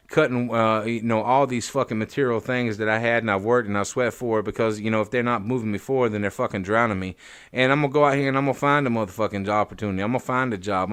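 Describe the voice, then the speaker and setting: Male podcast host; quick, profane, emphatic delivery; dry recording. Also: on the low side, fairly bright tone, clear, resonant tone, no room sound. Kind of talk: casual podcast chat.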